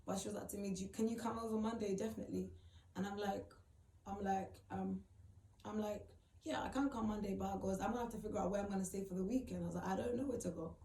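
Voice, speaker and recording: Young woman, vlogger, telling her story in a mellow, dark voice, miked from a distance. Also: medium pitch, steady tone, fast. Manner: rambling, retells conversations with quoted voices. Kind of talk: emotional storytelling to camera. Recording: echoey room, far from the mic.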